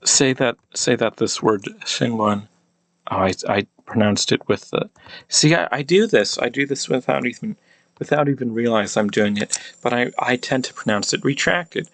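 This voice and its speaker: A man casually explaining pronunciation, thinking aloud with many halting restarts. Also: mid-range voice, no echo. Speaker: language hobbyist explaining pronunciation.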